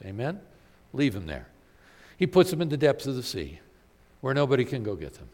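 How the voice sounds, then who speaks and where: Animated preacher man in a reverberant hall. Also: medium pitch. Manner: animated, emphatic preaching with rhetorical questions. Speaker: pastor. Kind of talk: sermon.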